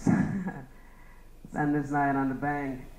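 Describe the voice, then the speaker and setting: A man's voice: medium pitch, little pitch movement, extremely slow, a little mellow, echoey room, low-quality recording. A young man doing a rambling stand-up roast of his friends, laughing at his own jokes. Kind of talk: open-mic roast set.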